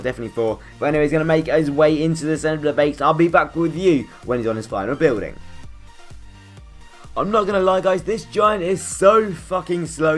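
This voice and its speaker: A young man talks through his gameplay in a loose, rambling way, counting out loud and cursing casually. He speaks at a quick clip. Faint background music sits under his voice. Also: a little high. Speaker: gaming YouTuber.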